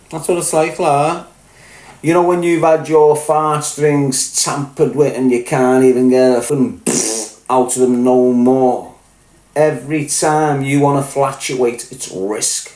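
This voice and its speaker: A man's voice: fairly high pitch, a little mellow. Crude joking Scouse man, roomy sound. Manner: crude, joking, mock-aggressive banter. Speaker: podcast host. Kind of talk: casual livestream rant. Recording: roomy echo.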